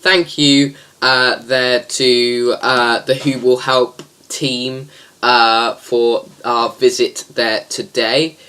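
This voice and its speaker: A man's voice: mid-range voice, flat delivery, drawn-out words, bright, forceful tone, smooth. Rambling, hesitant male host. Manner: rambling, hesitant, many fillers. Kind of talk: casual comedy review show.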